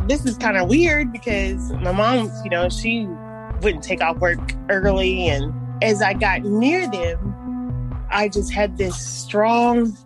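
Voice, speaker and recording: A woman telling personal stories in an interview, halting and restarting, with soft nervous laughs. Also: mid-range voice. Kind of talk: personal storytelling.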